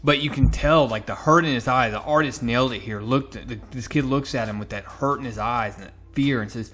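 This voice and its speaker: A man's voice: mid-range voice, fairly quick, hardly any pauses, fairly bright tone, soft background music. A man casually recapping and reviewing a comic book issue, enthusiastic and recounting with small restarts.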